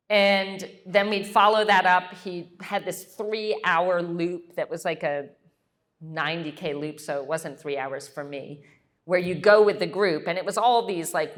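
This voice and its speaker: A middle-aged woman telling a story at a Q&A, acting out the voices of the people she quotes. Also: lowish voice. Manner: animated, acts out quoted voices. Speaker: guest speaker.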